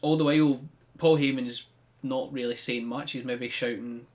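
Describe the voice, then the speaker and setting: Speaking at normal speed in a mid-range voice with fairly even intonation, a man on a podcast chats through a recap of a wrestling show. As co-host, he tells it casually, peppering his story with "um" and "like."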